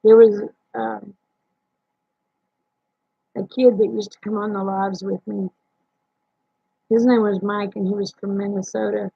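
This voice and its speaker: Woman host with a drawl, husky and gravelly, folksy and teasing, live-stream chat on dull, dry audio. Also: mid-range voice, flat delivery, measured pace, pauses often, no echo. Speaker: livestream host. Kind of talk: casual late-night livestream chat with viewers.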